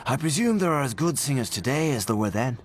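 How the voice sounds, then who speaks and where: A man's voice: mid-range voice, animated, fast talker, pitched above the performer's own voice, natural voice. A man voicing a polite, offhand young male tenor with a cool, slightly raised voice in a storybook reading. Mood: assured.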